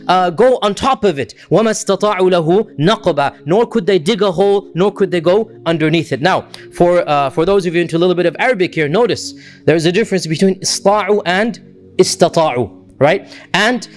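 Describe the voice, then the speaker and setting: A man lecturing on Quran commentary, patiently explaining Arabic words and checking in with his listeners. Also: high-pitched. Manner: shifts into chanted Arabic verse recitation. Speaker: Islamic lecturer.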